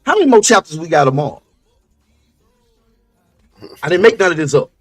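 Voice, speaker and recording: Man, high voice, emphatic, repeats himself, dry close sound, soft music behind. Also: big pitch swings, fairly quick, dry recording. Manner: emphatic, preachy, repeats points. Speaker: podcast co-host. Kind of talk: casual religious discussion.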